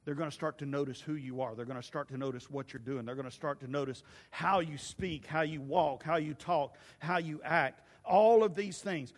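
A male pastor preaching an animated sermon, swinging from shouts to hushed asides. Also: fairly high pitch, moderate pace, few pauses. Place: church sanctuary. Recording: long church reverb.

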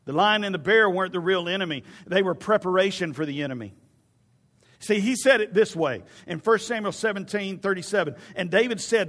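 A male pastor preaching a fervent sermon that swings from loud to hushed. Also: high voice, fairly quick, big-room sound.

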